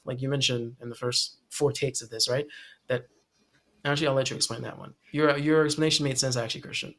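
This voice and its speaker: This is a man co-hosting a casual podcast discussion about poems. He talks in an animated way at a mid-range pitch. He laughs a lot and drops in swear words and plenty of fillers. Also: quick pace, creaky. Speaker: podcast co-host.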